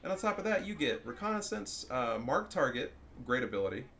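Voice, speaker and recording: A man giving casual, profane commentary over a strategy game, getting loud and excited at big plays. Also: medium pitch, a little fast. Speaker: gaming commentator.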